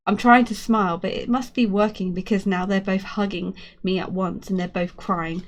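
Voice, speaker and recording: A woman's voice: mid-range voice, fairly even intonation, moderate pace, hardly any pauses. A woman reading a children's book aloud, narrating expressively in first person. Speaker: storyteller.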